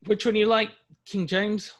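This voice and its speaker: A man's voice: high-pitched, flat delivery, measured pace, fairly bright tone. A middle-aged man from Louisiana, a university lecturer, reading verse aloud to a class and explaining it with frequent fillers.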